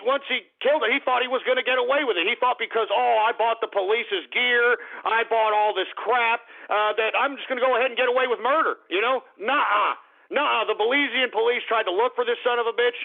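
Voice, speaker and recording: A high-pitched, gravelly male radio host delivers a blunt, profane rant to his callers. He punctuates his points with "all right?" and brief apologies, and the sound comes through thin and tinny, like a phone line. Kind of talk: call-in radio talk.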